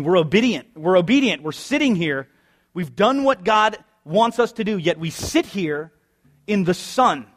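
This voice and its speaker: A man preaching a sermon as pastor, conversational and wry, firing off rhetorical questions. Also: on the high side.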